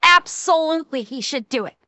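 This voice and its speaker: A young woman streamer giving profane, excitable reaction commentary, rambling with restarts. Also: high-pitched, fairly quick, no echo. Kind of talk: casual livestream reaction commentary.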